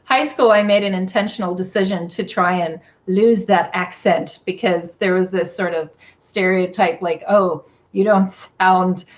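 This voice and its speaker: A woman with an Appalachian accent, a storyteller guest in a casual chat on a video call, talkative and animated. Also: fairly low pitch, normal speed, hardly any pauses. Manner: talkative, animated, many fillers.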